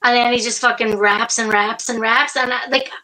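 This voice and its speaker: A woman's voice: a little high, fairly even intonation, moderate pace, a crowd in the background, rough recording. A woman co-hosting a live stream, chatting casually, swearing often and laughing easily. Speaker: co-host.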